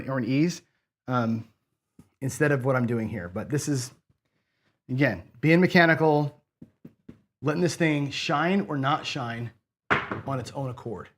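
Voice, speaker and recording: As an online casino game host, a man with a medium-pitched, somewhat bright voice runs a live craps stream. He talks to the chat in casual commentary, getting frustrated and cursing as his losses mount.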